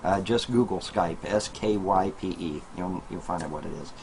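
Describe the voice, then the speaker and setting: A man's voice: low-pitched, moderate pace, darkish tone, slight background noise, low-quality recording. A man talking casually to a webcam at home in a small trailer, rambling and repeating himself, with many fillers and asides to his viewers. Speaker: video blogger. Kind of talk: casual monologue to camera.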